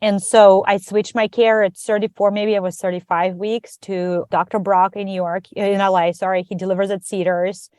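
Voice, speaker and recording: Woman guest recounting a personal story, lively and chatty, medium pitch, dry close sound. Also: moderate pace, hardly any pauses, no room sound. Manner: animated, acts out quoted dialogue. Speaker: podcast guest. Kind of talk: conversational storytelling.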